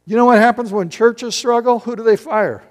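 A middle-aged man pastor preaching a sermon in a church, animated and full of rhetorical questions to the congregation. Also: very high voice, normal speed. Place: church sanctuary. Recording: long hall reverb.

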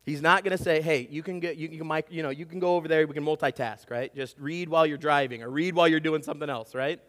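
In a hall with long reverb, a fast-talking pastor in his thirties with a slightly high voice delivers an animated, story-driven sermon. He acts out yelling and whispering and keeps asking his congregation "right?".

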